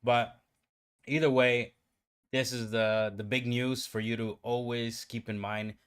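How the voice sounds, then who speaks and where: A man giving live trading commentary on his own stream, talking to himself and his viewers and swinging from calm explaining to excited outbursts. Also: medium pitch, measured pace, clean tone. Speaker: livestream day trader.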